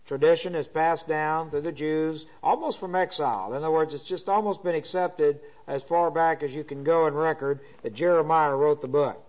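A man teaching a Bible study lecture, restating each point and pausing with frequent uhs. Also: a little high, fairly even intonation, a little mellow. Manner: repeats points, many filler uhs. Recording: dull lo-fi recording.

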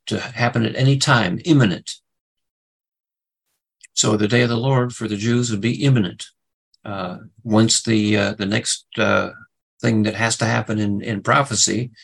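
A middle-aged man teaches scripture in a gravelly, slightly low voice. He halts often with fillers and restarts, then lifts his pitch to stress key words. His tone stays husky throughout. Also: low-quality recording. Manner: hesitant, many fillers and restarts; rises in pitch when stressing verses. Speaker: Bible teacher. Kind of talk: Bible study lesson.

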